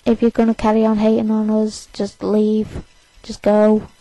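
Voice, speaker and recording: A woman's voice: medium pitch, completely flat delivery, moderate pace, mellow, no echo, rough recording. An eighteen-year-old woman, overtired, rambling defiantly and self-consciously in a casual to-camera rant. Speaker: vlogger.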